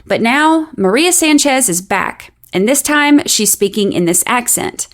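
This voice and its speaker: Woman narrating true crime, steady. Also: a little high, a little slow. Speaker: podcast host.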